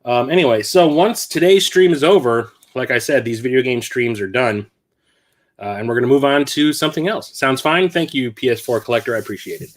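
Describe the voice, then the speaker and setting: A man's voice: mid-range voice, brisk. A man hosting a casual live stream from his apartment, out of breath and rambling with frequent self-corrections. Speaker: host. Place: home apartment.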